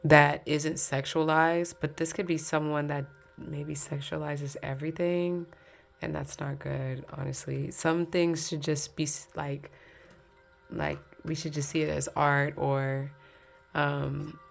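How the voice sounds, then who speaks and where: A woman's voice: low-pitched, little pitch movement, takes it slowly, gravelly, soft background music. A woman giving a casual pick-a-card tarot reading, chatty and candid, talking straight to her viewers and laughing between points.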